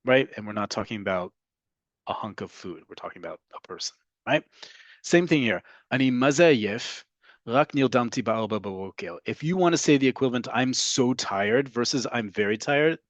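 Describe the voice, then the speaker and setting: A man teaching a casual online language lesson. He explains at length, checks in with "right?" all the time, and slows down to model phrases. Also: fairly low pitch, no echo.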